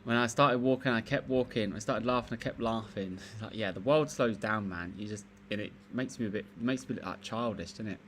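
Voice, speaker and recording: A man's voice: on the low side, a little fast, few pauses, a bit bright, slight background noise. A man hosting a laid-back livestream, chatting to viewers on a laptop mic while he works at his computer. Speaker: livestream host. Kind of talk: casual livestream chat. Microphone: laptop microphone.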